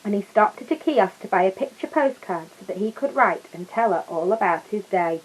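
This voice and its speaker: Woman reading a kids picture book out loud, gentle, chats to the kids in between. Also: medium pitch, lively intonation, brisk, slightly rough, poor audio. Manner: gentle, adds asides to listeners. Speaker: storyteller.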